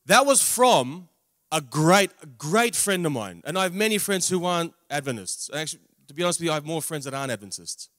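A man giving a spoken testimony sermon, with humorous asides and big swings in loudness on emphatic words. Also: fairly high pitch, animated, fairly quick, no room sound, studio quality. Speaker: preacher. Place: large camp meeting venue.

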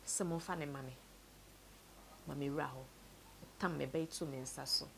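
A Ghanaian woman telling a sad story from her own life, mixing Twi and English, her voice often sinking low and quiet. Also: fairly even intonation, normal speed, creaky, a little hiss or hum. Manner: tells a sad story, switches between Twi and English, voice sinks low and soft. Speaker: interviewee. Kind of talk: personal story told to camera.

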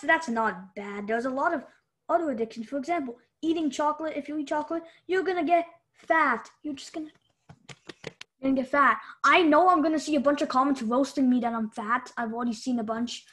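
A woman's voice: high-pitched, a bit bright. A woman hosting a joke therapy vlog, rambling playfully, losing her thread and repeating herself. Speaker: host of a joke therapy show. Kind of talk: casual comedic vlog monologue.

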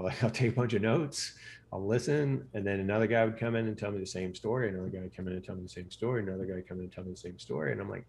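Very deep-voiced man telling stories. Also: racing, vocal fry, a little mellow, a little hiss or hum. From United States. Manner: rambling, many fillers and restarts. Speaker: interview guest, physician. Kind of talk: casual storytelling interview.

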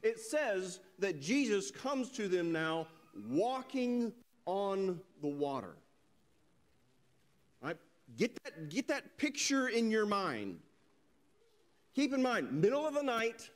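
A male preacher giving a sermon, telling a scripture story with animated delivery and reading verses slowly and solemnly. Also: high-pitched. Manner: animated storytelling, voices quoted characters.

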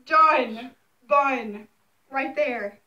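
Giggly high-voiced woman vlogger. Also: extremely slow, bright, forceful tone, lo-fi sound. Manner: giggly, laughs often. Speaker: vlogger host. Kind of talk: casual challenge game with sibling.

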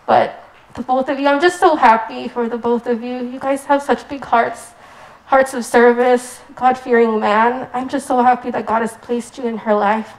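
A woman's voice: fairly high pitch, fairly even intonation, normal speed, poor audio. A young woman from the United States giving a rambling, giggly wedding toast with lots of "like.". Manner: giggly, rambling, says "like" often.

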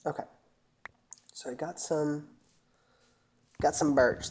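Low-voiced chatty woman gaming. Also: steady tone, unhurried, pauses often, background noise. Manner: chatty, rambling, talks to viewers. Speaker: gaming channel host. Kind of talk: casual gameplay commentary.

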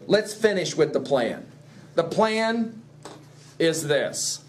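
A middle-aged man giving an emphatic classroom lecture on a play, animated and quick to chuckle as he explains. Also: a little high. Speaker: literature teacher.

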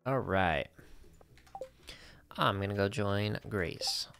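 A man with a very low, gravelly voice chats loosely while he plays, half talking to himself as he potters through a game. Faint music runs underneath. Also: slow. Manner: relaxed, talks to himself while playing. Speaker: streamer. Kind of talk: casual gaming stream chat.

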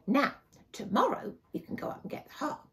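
A woman's voice: high-pitched, very animated, fairly quick, vocal fry, fairly bright tone, pitched above the performer's own voice, full character voice. A woman voicing a delighted mother in a fairy tale, gushing and sing-song.

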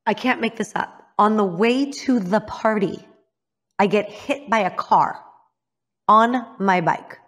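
A woman's voice: medium pitch, slow, fairly bright tone. A woman from Illinois, a guest in an interview, telling a frank personal story and often calling herself out. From Illinois, United States. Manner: frank, self-critical, acts out others' lines.

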